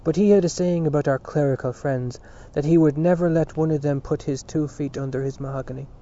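A man's voice: fairly high pitch, fairly even intonation, fairly quick, dark tone, natural voice. A man playing a scornful, blustering middle-aged father. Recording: dull lo-fi recording.

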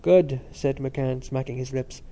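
Audiobook narrator, man, mellow and measured. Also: medium pitch. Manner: steady, measured reading. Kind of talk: scripted narration.

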